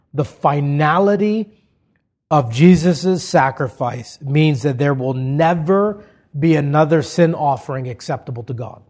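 Male pastor, fairly high voice, passionate sermon delivery with wide swings in loudness. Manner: impassioned, swells to high emphatic peaks then drops low and quiet.

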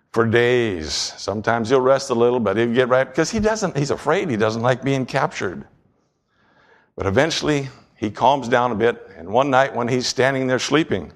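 A man preaching a sermon in a church, telling a story with lively asides and often clearing his throat. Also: mid-range voice. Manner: storytelling, animated, acts out voices and sounds. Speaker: pastor. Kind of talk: sermon with object lesson.

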